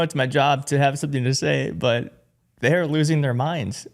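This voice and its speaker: A man's voice: medium pitch, fairly even intonation, moderate pace. A man hosting a political commentary show, talking in a conversational, indignant way. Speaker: show host.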